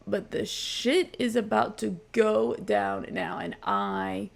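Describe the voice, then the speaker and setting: Woman host, gravelly fry, chatty and gushing, loose casual recap delivery. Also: medium pitch, steady tone, measured pace, few pauses. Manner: chatty, gushing, many ums and likes. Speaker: reaction channel host.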